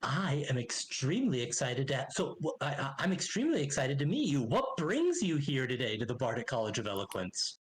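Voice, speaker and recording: A man's voice: medium pitch, very animated, a little fast, few pauses, natural voice. A man voicing an eager, rambling halfling teacher at a bard college.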